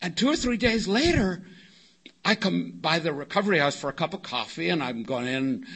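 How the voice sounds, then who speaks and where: An older man from California tells a wry, winding story at a recovery meeting, slipping into the voices of the people he quotes. His voice sits fairly high and rings bright. He talks in an easy, anecdotal way. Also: lively intonation, normal speed, gravelly, husky. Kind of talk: storytelling talk to a live meeting. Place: meeting hall before an audience.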